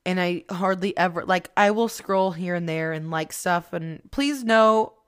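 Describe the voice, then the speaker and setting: A woman's voice: lowish voice, unhurried, smooth. Rambling, foul-mouthed woman podcaster. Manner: rambling, swears a lot, self-mocking. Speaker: podcast host and spiritual medium. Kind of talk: casual monologue.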